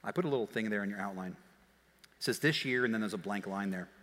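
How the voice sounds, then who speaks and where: A man preaching a sermon as pastor, telling stories in a lively way that swings from quiet asides to shouts. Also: fairly low pitch. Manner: animated storytelling, shouting and quick laughs. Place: church auditorium. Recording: long hall reverb.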